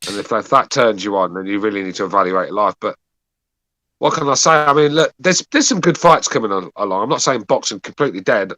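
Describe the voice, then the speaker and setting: A man's voice: on the low side, animated, a little fast, bright, forceful tone, no room sound. A man co-hosting a call-in boxing podcast, grumbling and sarcastic in casual banter. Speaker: podcast co-host.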